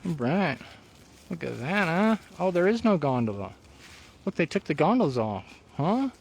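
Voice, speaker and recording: Man from Colorado, live-vlog host: bright, high-ish voice, very animated delivery, chatty and restless. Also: normal speed, gravelly, breathy edge. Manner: animated, chatty, keeps asking viewers "huh?". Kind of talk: casual live chat. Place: outdoors on a mountain.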